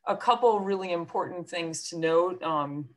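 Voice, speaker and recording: Low-voiced chatty woman counselor. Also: moderate pace. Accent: New York. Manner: chatty, self-deprecating, many fillers. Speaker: school counselor. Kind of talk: presentation to parents on a video call.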